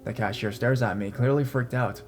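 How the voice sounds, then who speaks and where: A young adult man narrating a horror story in a measured, tense manner. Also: mid-range voice. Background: faint guitar music.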